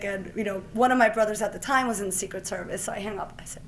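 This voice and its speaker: A woman's voice: mid-range voice, quick pace, few pauses, a crowd in the background. A woman in her forties from Puerto Rico, a physician accepting an award, telling a personal story in a speech. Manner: lively storyteller who acts out the exchanges she retells. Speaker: award recipient giving a speech.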